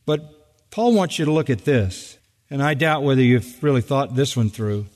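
A man's voice: medium pitch, expressive, normal speed, a little mellow. An older man preaching a sermon from the pulpit, emphatic and building to urgent peaks on key phrases. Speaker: pastor. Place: large church. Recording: long reverb of a church sanctuary.

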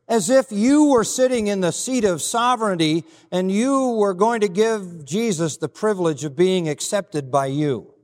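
An older man, a pastor, preaching an earnest, emphatic sermon and retelling a story with quoted dialogue. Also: high voice. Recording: hall reverb.

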